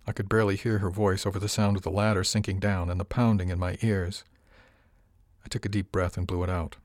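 A man reading a first-person novel as an audiobook, measured and even. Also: low voice, no room sound, studio quality. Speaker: audiobook narrator.

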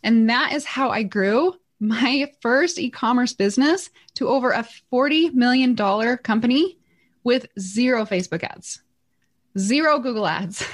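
Excitable mom-entrepreneur lady on a podcast, slightly high voice, laughs a lot. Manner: excitable, laughs often, acts out quotes. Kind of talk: energetic interview storytelling.

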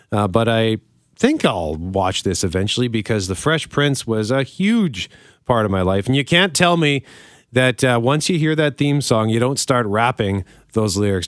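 A man in his forties co-hosts an entertainment podcast, chatting in a relaxed way and leaving in the odd "uh" and restart. His voice sits at an ordinary middle pitch. The sound is close and dry, with no room behind it. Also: no echo. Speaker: podcast co-host. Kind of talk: casual entertainment chat.

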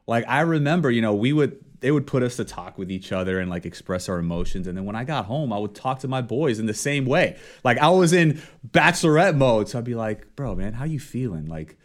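A young man co-hosting a casual show chat, animated and laughing often as he tells stories. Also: medium pitch, brisk, hardly any pauses. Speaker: podcast co-host.

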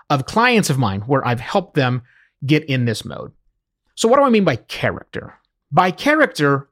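Animated, lively-pitched man explaining podcasting. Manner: emphatic, animated explainer using client examples. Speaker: podcast consultant. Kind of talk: solo podcast teaching talk.

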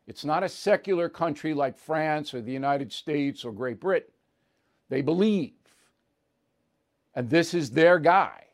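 A man with a slightly high voice hosts his own show in a steady opinion monologue. He is blunt and emphatic, and he drives each point home with "okay?" and "all right?". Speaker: political commentator hosting his own show.

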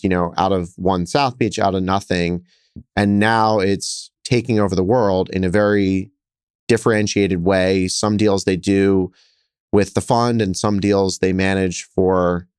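A lower-pitched man in his thirties talks through his business stories on a podcast, animated and quick to act out scenes. His voice is smooth and clear, recorded dry and close. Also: dry recording. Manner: animated, quick storyteller who gets louder acting out scenes. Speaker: hotel investor guest. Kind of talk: conversational interview storytelling.

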